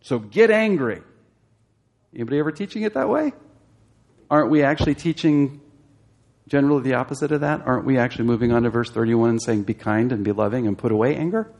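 A man's voice: medium pitch, lively intonation, fast, darkish tone. A man teaching a Bible study class, explaining a passage and asking his listeners questions, growing emphatic as he exhorts.

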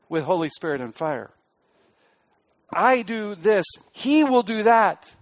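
A man preaching a sermon as pastor, pressing hard on key words and then dropping his voice low and quiet. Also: animated, a little slow, muffled recording.

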